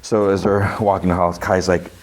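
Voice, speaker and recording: A man with a very low voice narrates a show's plot in a loose, chatty way. He keeps jumping into short character voices, then drops straight back to his relaxed recap tone. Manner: retells scenes with quick voice shifts for characters. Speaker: podcast host. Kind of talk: casual plot recap with acted quotes.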